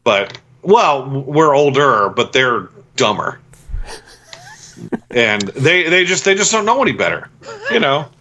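Lively, bright-voiced ranting man. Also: medium pitch, unhurried. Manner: profane, ranting, animated. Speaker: podcast co-host. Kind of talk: casual podcast chat.

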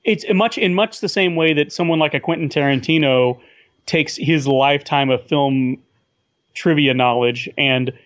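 A man's voice: a little high, normal speed, fairly bright tone, no echo. A man talking as a guest on a casual film podcast, thoughtful and a little hesitant, repeating words as he thinks.

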